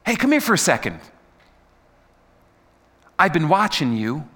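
A pastor putting on a star athlete leaning out of a car, a confident, encouraging man calling a kid over in a friendly, persuasive tone, his voice slightly raised and bright. A long hall reverb trails behind his words. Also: fairly high pitch, huge pitch swings, measured pace, exaggerated voice. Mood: inviting.

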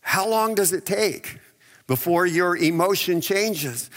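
Man preaching in a bright, echoing hall. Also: high voice, expressive, measured pace. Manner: conversational preaching with rhetorical questions and acted-out quotes. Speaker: pastor. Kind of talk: sermon.

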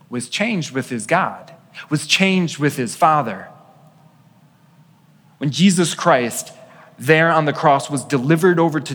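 A man preaching a sermon as a pastor, earnest and swinging between hushed passages and emphatic ones. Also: mid-range voice, in a large hall.

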